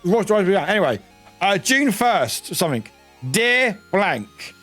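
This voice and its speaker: A man's voice: high voice, very animated, moderate pace, fairly bright tone, soft background music. A man streaming a game, chatting casually and giggling as he stumbles through reading text aloud. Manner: giggly, stumbles over words and restarts readings.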